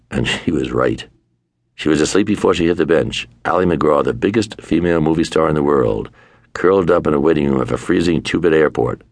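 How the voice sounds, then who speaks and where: An older man with a gravelly voice, narrating his own memoir in a wry manner, at times dropping to a murmur. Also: rumbling low, no room sound, clean studio sound. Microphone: close studio mic.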